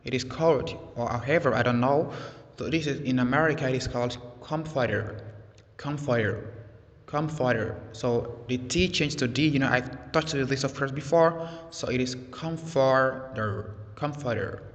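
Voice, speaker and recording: A man teaching an English vocabulary lesson, speaking slowly and deliberately and repeating words for his learners. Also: medium pitch. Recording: echoey, dull lo-fi sound.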